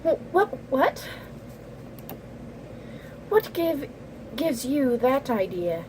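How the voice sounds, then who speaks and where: A woman's voice: high voice, sing-song, very slow, darkish tone, slight background noise, pitched above the performer's own voice, heavily acted, low-quality recording. A woman voicing a small, prickly teenage girl who gets flustered and snaps defensively, in a visual novel reading.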